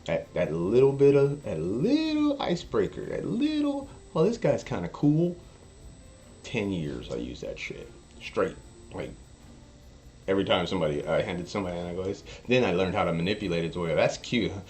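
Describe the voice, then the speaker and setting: A man streaming poker and chatting casually, an animated storyteller who acts out quotes. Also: deep voice, a little fast, a little hiss or hum. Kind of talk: casual chat while streaming. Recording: faint music behind. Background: faint music.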